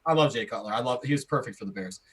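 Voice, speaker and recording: Speaking rapid-fire with a breathy edge to his mid-range voice, an American podcast co-host argues heatedly but casually about sports, often breaking off and beginning again.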